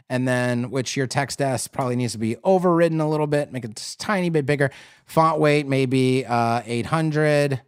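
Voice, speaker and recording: A man's voice: medium pitch, smooth, no room sound, clean studio sound. A man hosting a live web design critique, talking casually and thinking aloud with fillers and restarts.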